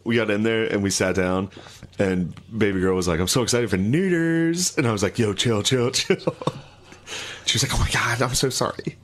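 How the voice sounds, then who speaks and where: A man's voice: fairly low pitch, fairly even intonation, normal speed, fairly bright tone. A man in crude, laughing podcast banter, telling stories and acting out both sides of the dialogue.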